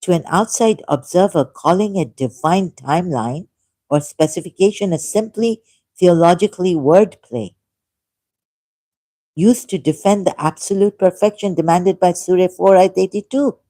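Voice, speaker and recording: A woman hosting her own channel, reading a text aloud slowly and commenting, with apologetic asides. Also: fairly low pitch, mellow, no room sound. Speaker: channel host. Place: dim room.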